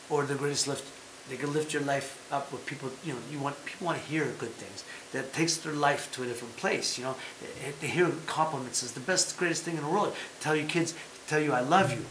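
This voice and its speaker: A man hosting a casual chat show, talking in an animated, emphatic way and repeating his points. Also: on the high side, reverberant, slight background noise, rough recording. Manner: talks about having been a fighter. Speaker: podcast host.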